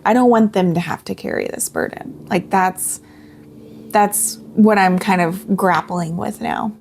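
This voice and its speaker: A woman in her thirties, a guest in an interview, talking in a halting, heartfelt way with many fillers. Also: mid-range voice, vocal fry, darkish tone, a little hiss or hum. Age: 30s. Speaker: guest sharing her cancer journey. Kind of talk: candid personal interview.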